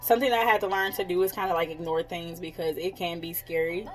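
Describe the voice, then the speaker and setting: A woman's voice: fairly low pitch, steady tone, quick pace, soft background music, low-quality recording. A woman in her thirties, a psychic coach, talking in a casual vlog, candid and blunt, swearing freely and often laughing. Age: 30s.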